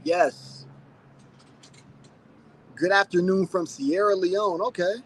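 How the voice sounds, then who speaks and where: This channel host is a man in his thirties with a high, slightly rough voice who speaks slowly. He chats loosely on a casual livestream and reads out viewer comments.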